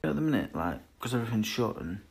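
A man's voice: mid-range voice, very animated, fast talker, creaky, a little mellow, slightly rough. A man in his twenties, a boxer, answering fan questions in a blunt, sweary, rambling chat. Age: 20s. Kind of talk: casual chat.

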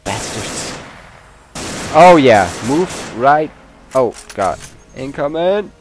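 Male let's-play host, non-native English, deliberate unhurried delivery, swears when excited; game music and gunfire underneath. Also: mid-range voice. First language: not English. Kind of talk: gameplay commentary.

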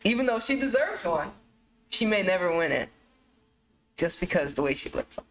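A young adult woman vlogger talking casually to camera, rambling and swearing, with sudden animated outbursts. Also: on the low side, moderate pace, a little hiss or hum, poor audio. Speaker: YouTube vlogger.

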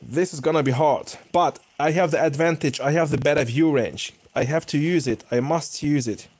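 A man's voice: fairly high pitch, moderate pace, husky. A young man commenting live on his own tank gameplay, cheering and groaning as the match goes. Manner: excitable, bursts of cheering and groaning. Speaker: gaming YouTuber.

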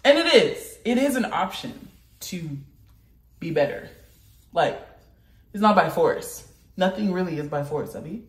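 A woman vlogger with the flu chatting in a rambling way, with sudden animated outbursts. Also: medium pitch, measured pace. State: sick with the flu. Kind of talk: casual chat. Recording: roomy echo.

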